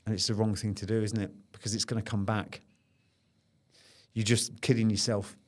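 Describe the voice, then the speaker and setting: With a fairly low pitch, flat delivery, and normal speed, a middle-aged man shares a personal story as a podcast guest. He's earnest and intense, going back over phrases as he relives what happened.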